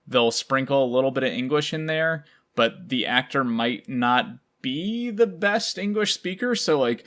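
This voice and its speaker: American dude hosting a podcast, mid-pitched voice, rambles with a lot of "like"s. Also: male voice, animated, measured pace, a bit bright. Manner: rambling, full of "like" fillers. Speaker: podcast host. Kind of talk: casual podcast chat.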